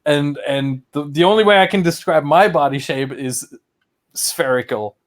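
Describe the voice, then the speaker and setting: A man's voice: fairly high pitch, moderate pace. A man from Germany hosts a casual stream, reading chat questions aloud, laughing often and swearing freely. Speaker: streamer host.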